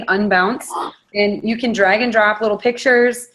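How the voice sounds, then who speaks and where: A woman's voice: mid-range voice, fairly even intonation, a little slow, fairly bright tone. A woman on a video call, giving a blunt, frank and fired-up motivational talk as a network marketing leader.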